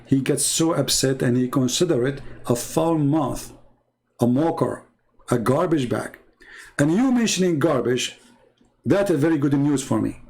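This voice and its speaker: A man's voice: a little high, a little mellow, rough recording. Combative man hosting a live debate stream. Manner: mocking, confrontational, hammering rhetorical questions; non-native English phrasing. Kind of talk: combative live-stream monologue, reading viewer comments.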